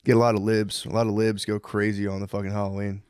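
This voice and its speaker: A man's voice: on the low side, level tone, quick pace, darkish tone, smooth, no echo, clean studio sound. Rambling, profane male podcast host. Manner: loose, rambling, swears a lot and laughs often. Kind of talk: casual podcast banter.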